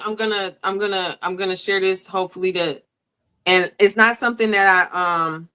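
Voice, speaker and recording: A woman's voice: fairly low pitch, sharp tone, poor audio. A woman guest sharing a personal story in an earnest, emphatic, conversational way.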